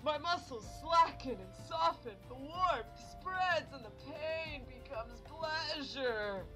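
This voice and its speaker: A woman voicing a pompous, theatrical gentleman inspector from a game, with grandiose, overly formal delivery. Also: high-pitched, expressive, takes it slowly, music in the background, pitched above the performer's own voice, poor audio.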